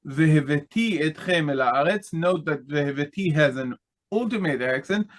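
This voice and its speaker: A man's voice: on the high side, fairly bright tone. A man teaching an online Bible class, explaining patiently and checking in with "okay?" as he goes.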